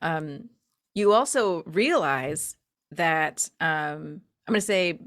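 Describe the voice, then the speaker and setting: A woman running a tabletop role-playing game, narrating in an animated way with frequent fillers and easy laughter. Her pitch moves a lot, and the recording is close and dry. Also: takes it slowly, no echo. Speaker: game master.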